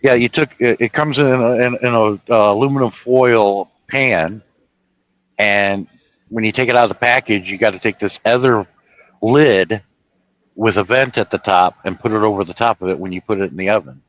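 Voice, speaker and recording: A man's voice: on the low side, moderate pace, a bit bright, no room sound, lo-fi sound. A man who drives a truck, chatting casually on a live stream from his truck cab, rambling through stories with swearing and false starts. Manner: storytelling with swearing and restarts.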